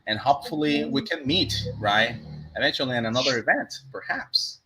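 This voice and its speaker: A man's voice: medium pitch, lively intonation, brisk, over music, poor audio. A man hosting a casual video interview, speaking with frequent restarts and repeated thanks. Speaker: interview host.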